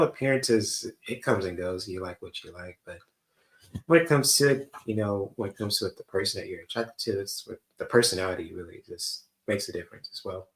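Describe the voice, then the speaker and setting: A man hosting a casual stream from his room, reacting to clips and chatting while he eats. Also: fairly low pitch. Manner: relaxed, talks while eating. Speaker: livestream host reacting to a dating show. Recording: roomy echo.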